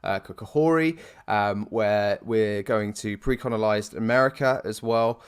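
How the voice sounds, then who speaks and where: A man's voice: on the low side, measured pace, clear, resonant tone. A young man co-hosting a casual podcast, rambling through his thoughts with plenty of fillers. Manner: rambling, frequent fillers and restarts, laughs easily. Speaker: podcast co-host. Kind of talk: casual chat.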